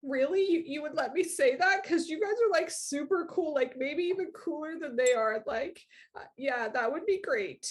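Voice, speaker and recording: A woman's voice: high voice, expressive, normal speed, pitched above the performer's own voice. A woman voicing a frightened fourteen-year-old boy who rambles and pleads through tears. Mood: eager relieved. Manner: rambling, pleading, breathless apology.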